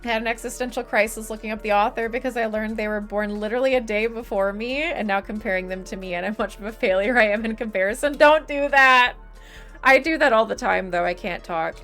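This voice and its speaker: A woman's voice: mid-range voice, fairly even intonation, quick pace, few pauses, fairly bright tone, faint music behind. A young woman streamer chatting casually with her live chat, swearing and laughing often, her voice starting to give out. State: losing her voice.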